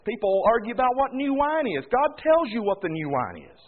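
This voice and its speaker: A man's voice: extremely high pitch, big pitch swings, fairly quick. Preacher man on a tinny phone-like line. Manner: folksy, preaching with sudden loud swells and quiet drops. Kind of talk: sermon.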